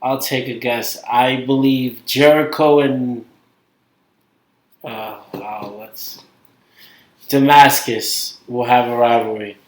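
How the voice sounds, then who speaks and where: Recorded in an echoey room, a man with a Brooklyn accent co-hosts a laid-back podcast chat, rambling and hesitant as his sentences often trail off. His medium-pitched voice keeps a steady tone, moving slowly with long pauses.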